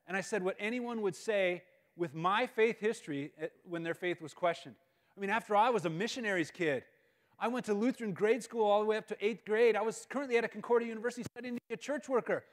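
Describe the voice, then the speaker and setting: Animated man telling a story at a school. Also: high-pitched. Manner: animated storyteller, acts out quoted lines, drops to near-mutters for asides. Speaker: guest speaker. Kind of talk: storytelling speech. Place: school event space.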